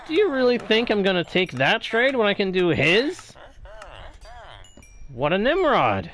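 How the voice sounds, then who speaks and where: A man's voice: sits high, wildly swooping pitch, takes it slowly, long pauses, a bit bright. A man hosting a video game let's play, talking with a theatrical, playful and grumbling manner. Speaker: host.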